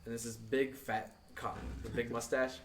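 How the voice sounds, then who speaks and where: A man's voice: medium pitch, level tone, moderate pace. A young man telling a story on a podcast in casual chat, rambling with lots of filler words and laughing through it. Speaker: podcast co-host. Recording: distant mic with loud crowd noise.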